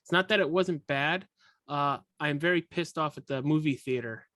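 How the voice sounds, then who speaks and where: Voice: mid-range voice, moderate pace, a bit bright, no room sound. A young adult podcast host chatting casually about a movie, rambling and correcting themself with a joking manner. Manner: rambling, self-correcting and jokey.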